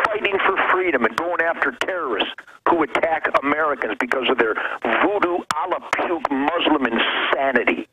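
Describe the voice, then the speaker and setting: A man's voice: very animated, moderate pace. Impassioned man on a noisy phone line. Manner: impassioned, preachy, voice swinging between low and high. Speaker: caller-in guest. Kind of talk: fervent call-in commentary. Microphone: telephone.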